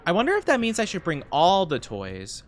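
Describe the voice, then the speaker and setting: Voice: mid-range voice, wildly swooping pitch, fairly quick. A streamer casually commenting on gameplay, giggly and self-mocking, chatting with viewers.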